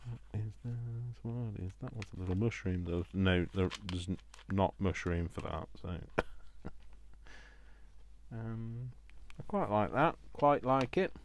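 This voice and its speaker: A British man with a low voice chats his way through a crafting session. His tone is gravelly and he keeps teasing himself as he goes, with faint noise behind him. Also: expressive, measured pace. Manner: chatty, self-mocking, talks to himself while working. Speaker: crafting vlogger. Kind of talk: casual crafting chat.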